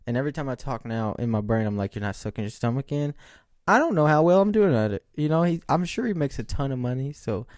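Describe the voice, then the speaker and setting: A young man with a raspy voice, rambling jokingly and mocking himself while hosting his own podcast. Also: medium pitch, lively intonation, fast talker, darkish tone, dry recording, clean studio sound. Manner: rambling, jokey, self-mocking. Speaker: podcast host. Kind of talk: casual solo chat.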